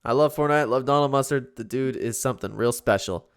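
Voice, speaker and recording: A man hosting a casual podcast, relaxed and laughing often, a little sleepy. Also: medium pitch, brisk, clear, resonant tone. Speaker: podcast host.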